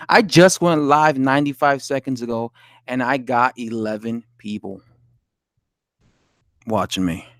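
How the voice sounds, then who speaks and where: A man's voice: medium pitch, no echo, clean studio sound. A man live streaming about boxing, reading viewer comments aloud and answering them, swearing and indignant. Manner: talks to chat, reads comments aloud, swears, laughs, indignant. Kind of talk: casual live stream chat.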